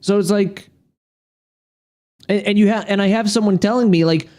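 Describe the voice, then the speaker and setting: Young male streamer, high voice, rambling profane rant. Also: moderate pace, mellow. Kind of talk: casual livestream rant.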